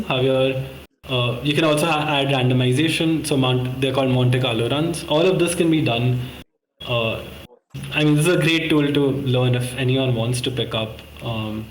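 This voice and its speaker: A man's voice: medium pitch, reverberant, a little hiss or hum, rough recording. A man walking through a model on a video call, rambling and correcting himself with many fillers. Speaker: course participant presenting a model. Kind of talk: casual screen-share walkthrough.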